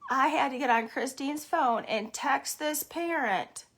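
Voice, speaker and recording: A woman telling an animated, mock-stern story while playing a thief character, with sudden exclamations and repeated catchphrases. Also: high voice, measured pace. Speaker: daycare owner vlogger.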